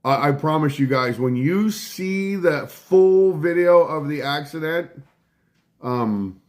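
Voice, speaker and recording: A man's voice: fairly high pitch, lively intonation, slow pace. A middle-aged man hosting a casual live stream from home, telling a rambling story full of swearing and breaking off to thank viewers. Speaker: livestream host.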